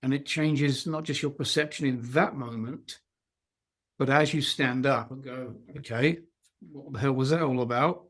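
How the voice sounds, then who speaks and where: A man's voice: medium pitch, moderate pace, fairly bright tone. A man hosting a podcast, reflecting on his guest's story in an emphatic, encouraging way. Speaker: podcast host. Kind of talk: interview chat.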